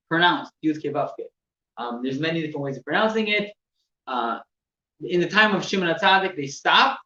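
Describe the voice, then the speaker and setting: Man teaching from a distance, slightly high voice, echoey room, dull muffled sound, halting repeats. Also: bright, forceful tone, a little hiss or hum. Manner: halting, repeats words, shows gestures. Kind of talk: explaining laws in a class.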